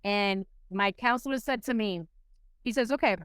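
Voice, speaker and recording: A middle-aged woman from Puerto Rico, raised in New York City, telling her life story as a podcast guest in a lively way, acting out the people she quotes. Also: normal speed, clean tone, no echo. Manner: animated, acts out quoted people with rising pitch. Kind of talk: casual storytelling interview.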